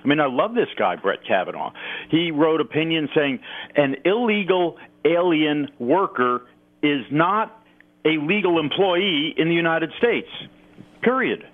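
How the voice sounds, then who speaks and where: A man's voice: a little high, lively intonation, measured pace. A man giving emphatic, sarcastic political commentary as a talk radio guest. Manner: emphatic, sarcastic, mocks opponents. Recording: tinny phone line.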